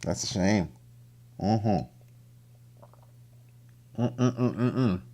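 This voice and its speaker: A man's voice: low-pitched, moderate pace, a little hiss or hum. A man hosting a livestream, chatting casually as he reacts to videos. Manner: animated, voices the people on screen in put-on lines.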